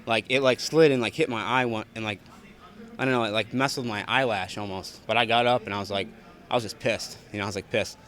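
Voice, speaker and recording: A man's voice: on the low side, fairly even intonation, fast talker, fairly bright tone. A young man, a fighter, answering reporters after a bout in a blunt, profane, repetitive way. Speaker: fighter at post-fight press scrum. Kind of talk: post-fight interview answers. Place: arena backstage press area.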